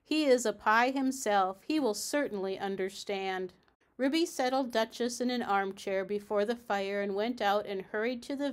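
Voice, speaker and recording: A woman reading a classic children's storybook aloud in a gentle, measured way. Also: medium pitch. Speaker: narrator.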